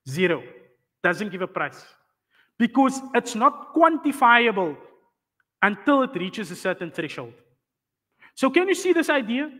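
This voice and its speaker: A man's voice: very high-pitched, pushed and bright, in a large hall. A man teaching a class on Islamic law, explaining patiently and often asking the students whether they follow. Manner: explains patiently, checks understanding with rhetorical questions.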